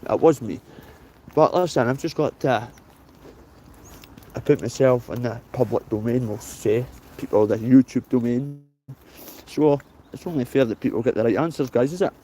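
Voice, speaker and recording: A man's voice: mid-range voice, mellow, slight background noise. A Scottish man in his late thirties with a Dundee accent, vlogging while he walks outdoors in the rain. He talks bluntly, swears freely and says "mate" at the end of almost every phrase. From Scotland. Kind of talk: casual walking vlog.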